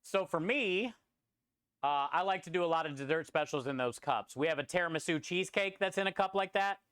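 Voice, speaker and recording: A man's voice: fairly high pitch, a little fast, fairly bright tone, smooth, no room sound, clean studio sound. A man chatting casually on a live stream while he preps food in a food truck kitchen, rambling and answering chat. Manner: rambling, talks through prep and reads chat.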